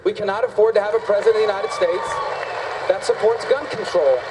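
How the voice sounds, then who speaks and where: Guy rattling off debate answers super fast, high-ish voice, echoey big hall. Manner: emphatic, repetitive rhetoric. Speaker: presidential candidate. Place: large debate hall on stage.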